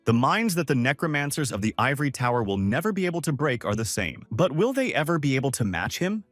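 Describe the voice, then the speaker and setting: A man narrating a scripted story recap with animated intonation. His voice sits close and dry, with no room sound. Soft music plays faintly underneath. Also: medium pitch, quick pace, no echo.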